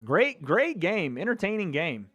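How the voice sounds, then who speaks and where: An American man giving an excitable live reaction to a football match as a YouTube host, swearing and breaking into shouts. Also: high voice, a little slow, highs cut off. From United States.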